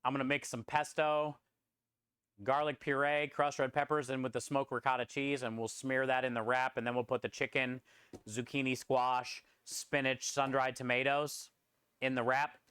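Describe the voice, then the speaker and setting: A man's voice: mid-range voice, level tone, normal speed, a bit bright, clean tone, no echo. A man chatting casually on a live stream while he preps food in a food truck kitchen, rambling and answering chat. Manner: rambling, talks through prep and reads chat.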